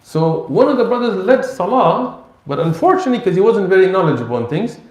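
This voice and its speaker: A man's voice: sits high, fast. Guy lecturing, bouncy storytelling voice, roomy echo. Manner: animated storytelling with acted-out dialogue. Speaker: Islamic teacher.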